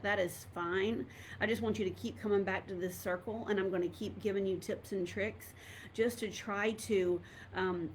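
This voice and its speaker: A woman's voice: lowish voice, slight background noise. Candid middle-aged woman talking to viewers. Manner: candid, rambling, with many fillers and restarts. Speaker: doctor and coach speaking to an online group. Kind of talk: casual live talk to viewers. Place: at home.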